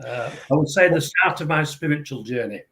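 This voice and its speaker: A man's voice: fairly high pitch, expressive, normal speed, a bit bright. A man in his seventies with a Yorkshire accent, a guest on a podcast interview, speaking with many hesitant filler sounds. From England. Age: 70s.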